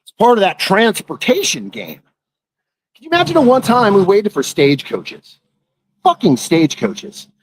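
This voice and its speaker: A man's voice: on the high side, low-quality recording. A man hosting a live stream, chatting casually in a rambling, playful and earnest way. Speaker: livestream host.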